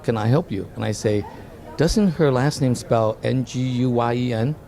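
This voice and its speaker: A man's voice: mid-range voice, normal speed, vocal fry, warm tone, some chatter behind. A man, a guest telling stories in a casual interview and often repeating words as he starts a sentence. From Vietnam. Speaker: dental office design guest.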